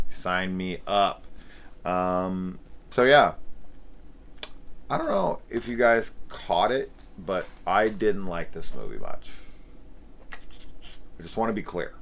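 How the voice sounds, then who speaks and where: A man with a very deep, low voice delivers a profane, sarcastic film review rant. He swears freely and slips into mocking, overdone voices when quoting scenes. A faint hiss of noise sits under his voice. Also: a little slow.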